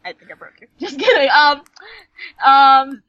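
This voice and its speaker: A young woman with a high, bright voice rambles through a casual chat, tripping over her words and cursing as she goes. The sound is dry and a little dull, like a cheap home mic. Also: very animated, measured pace, no room sound. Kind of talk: casual ranting chat about a cartoon.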